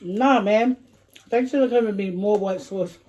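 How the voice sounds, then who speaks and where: A woman's voice: medium pitch, measured pace, dark tone, lo-fi sound. A middle-aged woman, chatting casually while eating and humming over her food. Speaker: vlogger eating with her daughter. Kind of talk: casual mukbang chat.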